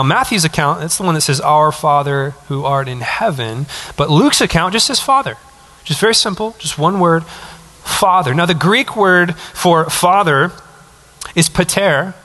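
A man's voice: sits high, sharp tone. A pastor in his thirties preaching a sermon in a conversational, emphatic way, with asides to the congregation.

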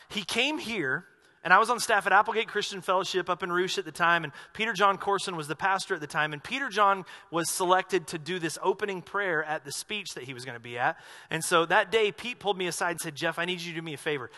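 A man's voice: high voice, brisk, bright, forceful tone, in a large hall. A man from the American South preaching a sermon as pastor, in a conversational, jokey storytelling manner.

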